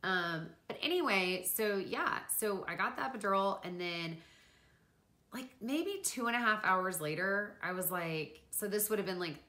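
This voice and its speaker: A young woman vlogger telling a personal story to camera in an animated, chatty way, full of fillers. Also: mid-range voice, moderate pace, reverberant.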